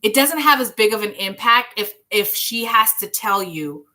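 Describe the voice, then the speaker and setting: Her voice is medium-pitched and expressive at a normal speed, with a bright, forceful tone. The young woman reads tarot on a live stream, addressing her viewers directly as she rambles chattily, offers reassurance, and sings bits of songs.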